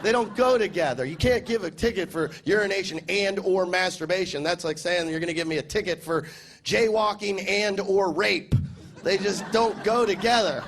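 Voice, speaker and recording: A young American man on a festival stage doing stand-up, his voice sitting notably high. He talks in a sarcastic, deadpan way, jumping into mock-outraged voices when he quotes people. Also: moderate pace, faint music behind. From United States. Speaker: stand-up comedian. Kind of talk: stand-up comedy set. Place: large comedy festival stage with cheering audience.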